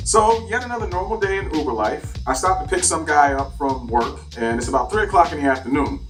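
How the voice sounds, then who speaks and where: A man's voice: fairly high pitch, brisk. A man tells a comic story from his days as a driver, his voice leaping all over the place and full of cussing. He sounds a little distant from the mic. Faint music plays behind him. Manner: animated, profane, exaggerated retelling. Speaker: rideshare driver telling stories. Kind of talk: comedic storytelling.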